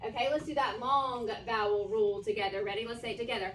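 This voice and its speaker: A woman teacher leads a phonics lesson with call-and-response questions, stretching sounds out slowly as she models them. Her fairly high voice comes from across an echoey classroom, heard from some distance. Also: fairly even intonation, a bit bright, slight background noise. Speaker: first grade teacher.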